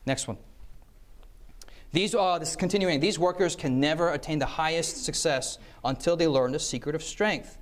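This preacher's voice sits on the high side, and he moves at a moderate pace through a sermon about managing time. Telling stories as he goes, he keeps listeners engaged with frequent "okay?" and "yes?" checks and performs the voices of people he quotes.

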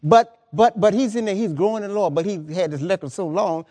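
Fairly quick and mellow, a man's high-sitting voice carries a lively sermon. He preaches as pastor in an emphatic, colloquial style, repeating words and pressing points on his congregation.

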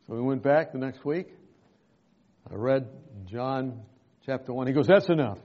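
A pastor telling a personal story in a sermon, who laughs often between lines. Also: male voice, medium pitch, a little slow, dull audio.

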